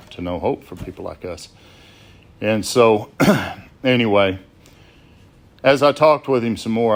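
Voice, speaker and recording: A deep-voiced man tells his recovery story to a gathered group. He speaks plainly and slips into quoted exchanges with others. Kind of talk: storytelling talk at a sobriety gathering. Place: gathering at a biker rally.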